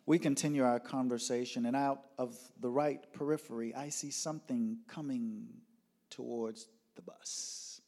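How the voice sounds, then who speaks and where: A man's voice: medium pitch, steady tone, unhurried, vocal fry. Dramatic male storyteller. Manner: dramatic, swinging between loud outbursts and hushed whispers. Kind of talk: personal storytelling.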